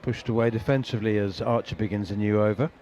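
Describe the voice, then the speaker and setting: A man giving ball-by-ball radio cricket commentary, chatty and quick to laugh, with plenty of ums and uhs. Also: lowish voice, steady tone, background noise.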